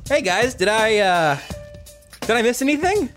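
A man's voice: high-pitched, very animated, normal speed, over music. A male podcast host chatting casually over a video call, rambling with fillers and self-deprecating jokes.

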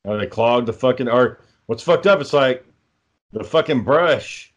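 A man's voice: medium pitch, expressive, measured pace. A man telling dry, profane anecdotes in casual podcast chat. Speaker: co-host.

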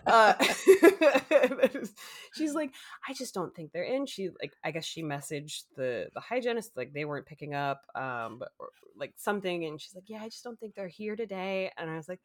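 A woman co-hosting a podcast, casually telling a long story, acting out quotes and laughing often. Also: medium pitch. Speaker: podcast co-host.

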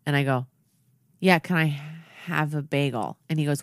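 Co-host telling a funny ordering story, does the voices, dry mic, mid pitch. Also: normal speed, no room sound. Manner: animated storytelling, quotes dialogue in voices. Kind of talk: casual comedic chat.

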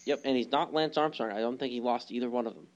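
A man's voice: medium pitch, fast, dull audio. A man co-hosting a casual sports podcast, rambling with lots of ums and restarts. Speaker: podcast co-host.

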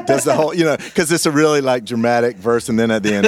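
A man co-hosting a podcast, asking questions in a playful, animated way. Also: medium pitch, fast, few pauses, very noisy. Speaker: podcast co-host. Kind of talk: casual chat.

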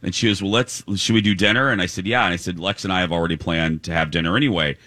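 A man co-hosting a radio show, telling a lively story and mimicking high voices. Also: fast talker, dry recording. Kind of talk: storytelling banter.

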